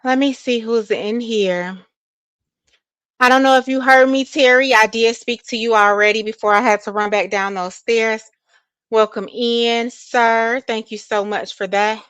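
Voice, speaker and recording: A breathless woman hosts a livestream in a slightly high, steady, somewhat bright voice that's clear and resonant, with no echo. She speaks unhurriedly, chatting casually, greeting viewers by name and laughing often.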